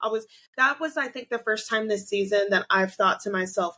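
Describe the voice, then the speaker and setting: Co-hosting a casual podcast, this woman tells animated stories, acting out quotes and laughing often. Her pitch is medium and her pace moderate.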